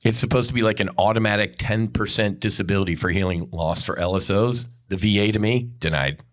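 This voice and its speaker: A man's voice: fairly low pitch, a little fast. A man hosting a podcast, delivering an angry, profane and blunt unscripted monologue. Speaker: podcast host.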